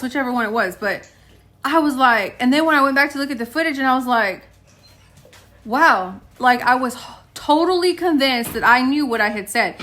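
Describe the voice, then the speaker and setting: In a high-pitched, sharp voice, a woman in her late thirties chats to camera from home. The vlogger addresses her viewers as guys and tells stories, performing the quotes and exchanges herself.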